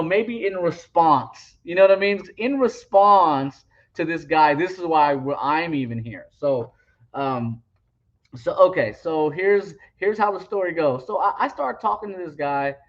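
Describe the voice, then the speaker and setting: High-voiced man ranting on a lo-fi recording. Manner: argumentative, halting with many fillers and restarts. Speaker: online religious commentator. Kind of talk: heated rambling commentary.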